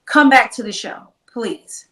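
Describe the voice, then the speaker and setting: A woman recounts events as an interview guest, acting out each side of the dialogue with animation. Her voice sits a little high. The sound is roomy and a bit distant from the mic. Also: slow. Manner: animated, acts out quoted dialogue. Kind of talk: candid interview storytelling.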